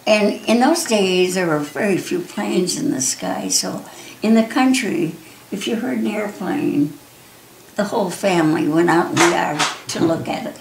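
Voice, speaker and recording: An older woman telling a personal story, lively and often laughing, with many restarts. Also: mid-range voice, moderate pace, vocal fry, slight background noise. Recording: roomy echo, faint ambience.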